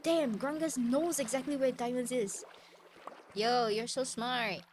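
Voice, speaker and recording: A woman's voice: a little high, fairly even intonation, unhurried, slight background noise. A woman streamer chatting casually while gaming, ranting and swearing freely. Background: background music.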